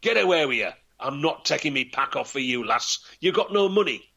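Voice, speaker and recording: Man doing agitated old peddler, shouty, husky, sharp. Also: mid-range voice, animated, fairly quick, full character voice. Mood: gruff refusal. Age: 50s. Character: old male peddler, gruff then terrified.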